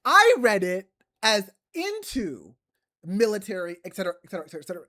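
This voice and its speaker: A woman co-hosting a chatty podcast, her pitch swinging up and down as she talks. She tells a personal story bluntly, with plenty of swearing, then turns to the listeners. Her pitch sits in a middle range. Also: big pitch swings, a little fast, bright, forceful tone. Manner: candid, profane storytelling. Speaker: podcast co-host. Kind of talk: casual chat.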